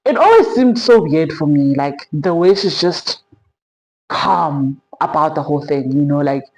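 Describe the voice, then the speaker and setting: A young woman with a South African accent telling a personal story in a sit-down vlog, animated and quick to act out the people in it. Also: low voice, poor audio. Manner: animated, dramatic quoted voices, frequent fillers. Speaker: vlogger.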